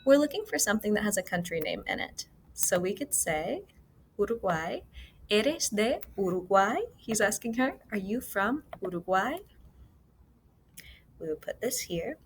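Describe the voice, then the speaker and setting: A woman teacher explaining a Spanish worksheet step by step in a recorded screencast, slowing down to model each Spanish phrase. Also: medium pitch, very animated, a little hiss or hum. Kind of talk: recorded class walkthrough. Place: school. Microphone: computer mic for a screencast.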